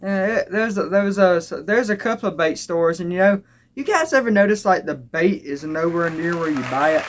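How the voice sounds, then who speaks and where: A young man telling comic stand-up stories, rambling and halting with frequent restarts. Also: high voice, expressive. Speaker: stand-up comedian. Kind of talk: stand-up comedy storytelling. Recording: live crowd laughter and noise. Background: audience laughing.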